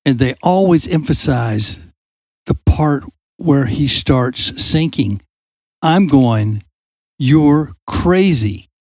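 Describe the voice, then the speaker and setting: A man hosting a youth ministry podcast, telling a Bible story with lively energy and acting out quoted lines in a raised voice while putting questions straight to his listeners. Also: mid-range voice, extremely slow, no echo. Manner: animated storyteller who acts out quoted lines loudly; asks listeners direct questions. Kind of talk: conversational faith talk.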